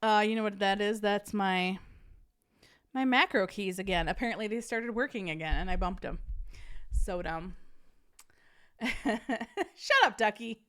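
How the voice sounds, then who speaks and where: A woman's voice: medium pitch, unhurried, pauses often, fairly bright tone, clean tone. A woman hosting a casual live-streamed podcast, chatting with viewers and reading a story aloud, laughing often.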